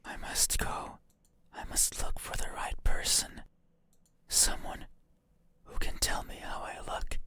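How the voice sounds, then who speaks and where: An actor voicing a creepy, insistent demon in a whispered role-play for a horror game. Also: takes it slowly. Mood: eerie farewell. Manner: whispered, sudden loud commands.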